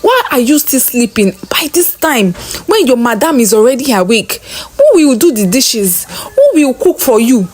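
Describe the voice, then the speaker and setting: A woman doing a haughty, bullying rich fiancée in a spoken story, her voice pushed high and shrill. She yells every line and spits out insults. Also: very animated, moderate pace. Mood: furious. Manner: yelling insults.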